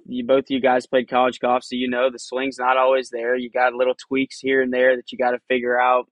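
A man's voice: medium pitch, no echo. A man who caddies on a pro tour answers questions in an easygoing, chatty manner. His voice sits mid-range and barely rises or falls. The sound is dry and close, with no room around it. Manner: relaxed, conversational, says "man" and "you know" often. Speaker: tour caddy, podcast guest. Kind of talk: casual interview answers.

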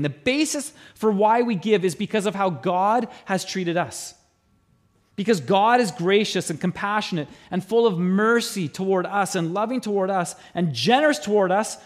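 Lively, high-voiced male pastor preaching. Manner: animated storytelling, mimics voices in anecdotes. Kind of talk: sermon. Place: church auditorium.

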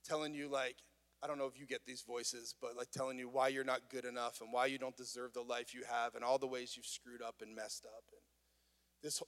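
A man's voice: medium pitch, fairly bright tone. A man, a pastor, preaching a conversational and earnest sermon. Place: worship venue. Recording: long reverb of a church hall.

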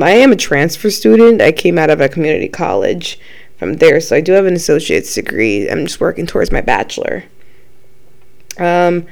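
A woman's voice: mid-range voice, darkish tone. A young woman in her twenties hosting a casual podcast, talking loosely with lots of ums and likes and frequent swearing. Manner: chatty, swears a lot, many ums and likes. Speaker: podcast host. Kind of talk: casual chat.

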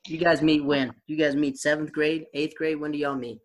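A man's voice: fairly high pitch, flat delivery, normal speed. A man hosting a podcast, chatting casually and asking teasing questions. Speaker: podcast host. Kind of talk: casual interview chat.

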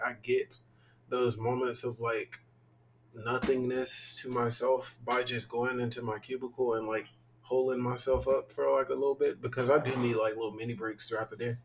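A man's voice: mid-range voice, a bit bright, low-quality recording. A young man co-hosting a casual podcast, sounding tired as he rambles candidly, with lots of fillers. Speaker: podcast co-host.

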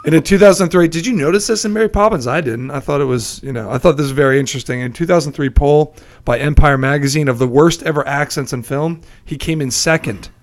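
A man co-hosting a podcast, telling film trivia in a relaxed, chatty way with fillers. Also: fairly high pitch, quick pace. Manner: chatty storyteller, many fillers and laughs. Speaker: podcast co-host.

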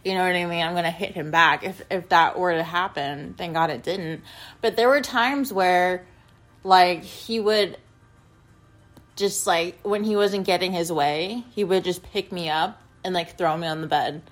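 A young woman vlogger telling a personal story in a rambling, casual way, filling every pause with "like" and speaking bluntly with plenty of swearing. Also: on the low side, soft background music. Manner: rambling, heavy use of "like", blunt and profane.

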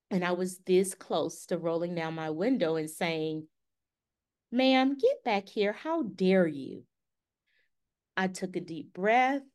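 A woman co-hosts a podcast, recounting a story in a relaxed, lively manner and performing the dialogue herself. Her voice sits in the middle range and sounds smooth.

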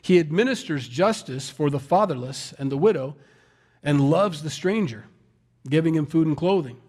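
A man's voice: on the high side, expressive, moderate pace, a little mellow. A man preaching a sermon in a conversational, folksy way, with self-deprecating asides. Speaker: pastor.

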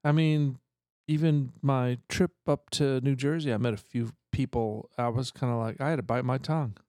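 A man's voice: mid-range voice, steady tone, normal speed, warm tone, dry recording, clean studio sound. A man in a casual political chat, plain-spoken and indignant. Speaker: podcast co-host.

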